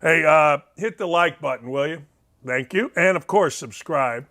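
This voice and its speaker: Show host, male, with a high-set voice; blunt and wisecracking as he reacts to clips, given to shouted disbelief. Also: unhurried. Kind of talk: casual reaction commentary on viral clips.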